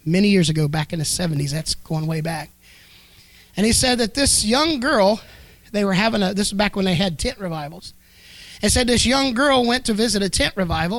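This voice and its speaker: A man preaching, his voice sitting notably high for a man. He tells a story and then rises to fervent emphasis. The sound is dry and close, with little room in it. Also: fairly bright tone, no echo. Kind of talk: sermon.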